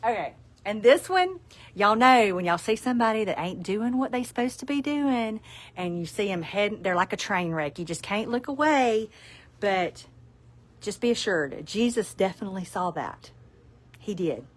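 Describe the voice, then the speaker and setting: A woman's voice: mid-range voice, big pitch swings, moderate pace. A middle-aged woman with a Southern US accent, running a casual live sales stream for her shop, chatting in a folksy way and laughing a lot. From South Alabama. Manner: chatty, laughs often, folksy asides to viewers. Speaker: store owner presenting products.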